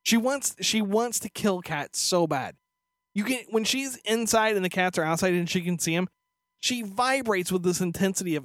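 A man co-hosting a podcast, telling stories in casual chat, animated and profane, slipping into voiced asides. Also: sits high, normal speed, no room sound, clean studio sound. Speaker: podcast co-host.

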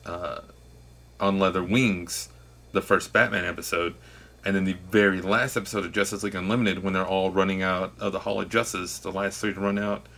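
A very deep-voiced man who sounds bright and forceful. He hosts a casual podcast, weighs his opinions with care and promotes his network's upcoming show. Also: level tone, brisk, gravelly. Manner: earnest, hedging, plugs his show. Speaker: podcast host.

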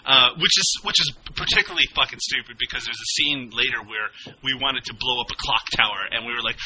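Laughing rambling filmmaker, bright voice. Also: male voice, mid-range voice, expressive, a little fast, few pauses, slight background noise, poor audio. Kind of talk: casual film commentary.

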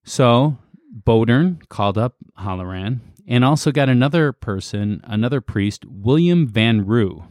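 A man's voice: mid-range voice, lively intonation, a little slow, darkish tone, dry recording, studio quality. A man co-hosting a podcast, casually recounting a story with fillers and laughs. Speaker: podcast co-host.

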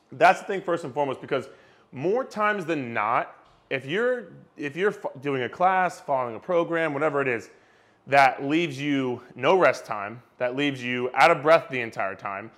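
A man's voice: mid-range voice, animated, normal speed, a bit bright. A young man, a fitness coach, talking emphatically straight to camera, repeating himself and swearing casually. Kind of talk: direct-to-camera fitness rant.

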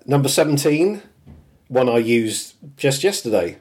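A man's voice: mid-range voice, moderate pace, a little mellow. Chatty British man hosting a podcast. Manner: chatty, laughs often while listing quotes. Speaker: podcast host. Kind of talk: casual chat.

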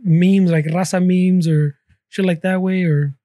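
A man's voice: high-pitched, fairly even intonation, a little slow, warm tone, dry recording, studio quality. A man hosting a podcast, chatting casually in profane slang and often groping for words. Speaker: podcast host.

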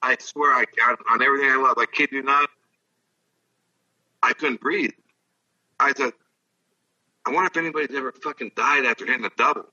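A man's voice: mid-range voice, fairly even intonation, a little fast, pauses often, sharp tone, breathy edge, distant mic, muffled recording. Profane older man telling stories. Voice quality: profane, rambling. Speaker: guest, former baseball player. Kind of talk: casual storytelling.

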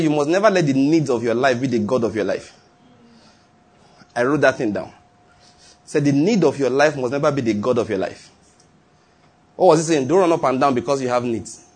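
A man's voice: medium pitch, lively intonation, moderate pace, long pauses, darkish tone, husky. A man preaching a sermon, repeating lines and chuckling as he tells stories. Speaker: pastor.

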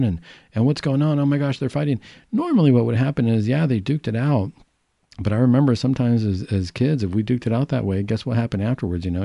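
A man's voice: on the low side, dark tone, dry recording, studio quality. A middle-aged man hosting a faith-based radio talk show as a therapist, speaking conversationally and earnestly, with frequent fillers and restarts. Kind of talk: call-in radio talk, casual and reflective.

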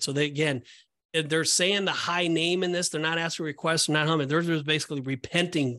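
Man, fairly high voice, dry close sound, casual Bible study talk, restarts his phrases. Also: steady tone, brisk, bright, forceful tone, no echo. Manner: explanatory, repeats and restarts phrases, reads verses aloud. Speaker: podcast co-host.

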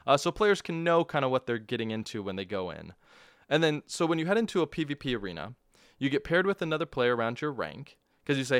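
A man's voice: mid-range voice, very animated, fast, dry recording, clean studio sound. A man hosting a casual game review podcast, rambling, self-mocking and laughing often. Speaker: podcast host.

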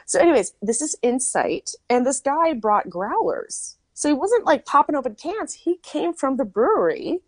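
A woman's voice: sits high, big pitch swings, moderate pace, hardly any pauses, no room sound. A woman host from Minnesota chatting casually, telling a story with lots of asides and "like". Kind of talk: casual chat.

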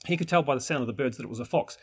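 A man's voice: medium pitch, very fast, breathy edge. A man teaching permaculture in an enthusiastic, rambling way, with many restarts. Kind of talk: informal teaching talk.

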